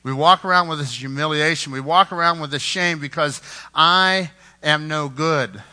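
A man preaching a sermon, impassioned, rising to loud emphasis and dropping to a hush, repeating words as he builds a point. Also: a little high, moderate pace. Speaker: pastor.

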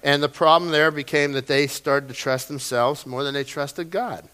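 Bright-voiced folksy male pastor. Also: fairly high pitch, moderate pace, clean tone. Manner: folksy, storytelling, self-deprecating asides. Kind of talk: sermon. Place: church sanctuary.

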